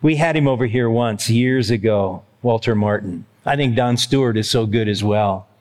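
A man's voice: on the low side, moderate pace, a little mellow. Man preaching in a reverberant hall. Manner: conversational, emphatic preaching with chuckles. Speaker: pastor. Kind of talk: sermon.

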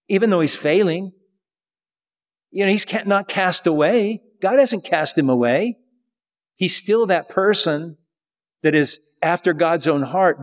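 A man preaching a sermon in a conversational way, slowing down to read scripture aloud. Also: fairly high pitch. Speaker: pastor.

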